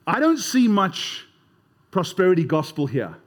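A man's voice: sits high, wildly swooping pitch, a little slow. A man preaching a sermon as pastor, emphatic and conversational, often repeating words.

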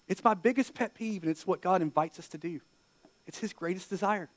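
Animated high-voiced Carolina preacher. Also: male voice, brisk, dry recording. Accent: eastern North Carolina. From eastern North Carolina. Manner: conversational preaching, animated asides and acted-out quotes. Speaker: pastor. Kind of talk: sermon.

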